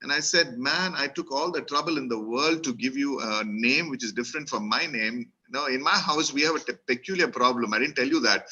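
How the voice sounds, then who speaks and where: A man's voice: medium pitch, pushed and bright, slightly rough, poor audio. A middle-aged man from Kerala with an Indian English accent, giving a humorous, self-deprecating storytelling talk full of fillers. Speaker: motivational speaker.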